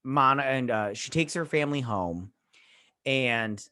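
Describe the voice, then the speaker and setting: A man at an ordinary middle pitch, talking loosely through an episode recap as a review-channel host. He rambles and restarts often, leaning on fillers as he goes. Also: animated, takes it slowly, sharp tone. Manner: heartfelt, saying he feels choked up.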